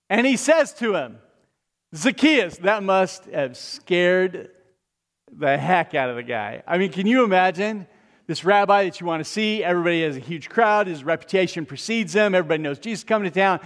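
A man preaching a sermon, retelling a story with lively asides to the congregation. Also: high-pitched, in a large hall.

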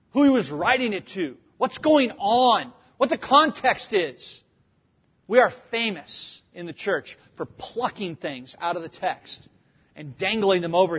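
A man preaching a sermon as a pastor, asking rhetorical questions and pushing up to a shout for emphasis. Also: sits high, slightly rough. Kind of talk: sermon teaching. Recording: dull lo-fi recording.

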